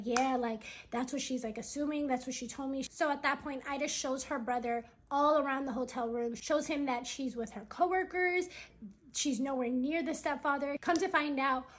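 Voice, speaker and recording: A woman's voice: sits high, moderate pace. A woman vlogger retelling someone else's family story in a chatty way, full of "like" fillers, acting out the quoted lines.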